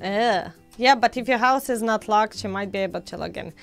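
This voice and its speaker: A woman with a scratchy throat, hosting a casual let's-play chat with excitable squeals. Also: medium pitch, brisk, vocal fry, soft background music. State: scratchy throat, coming down with a cold. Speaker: gaming channel host.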